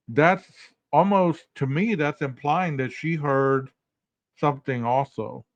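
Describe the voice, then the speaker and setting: A man talks through his podcast in a casual, rhetorical way, turning questions straight to his listeners. His voice sits a little high. The recording is dry and a bit dull, close to the mic. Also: slow, no echo. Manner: rhetorical, addresses listeners directly. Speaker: podcast host.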